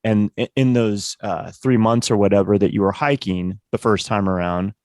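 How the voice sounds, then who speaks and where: A man hosting a podcast, reflecting in a measured, thoughtful way with hesitant ums. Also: fairly low pitch, fairly even intonation, a little mellow, dry recording, studio quality. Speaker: podcast host. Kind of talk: interview reflection.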